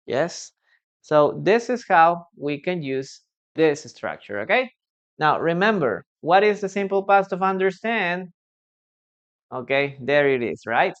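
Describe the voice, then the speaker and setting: Slow, patient online English teacher. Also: medium pitch, highs cut off. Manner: patient, corrects student sentences aloud; ends points with a questioning "no?". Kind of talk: live online English lesson.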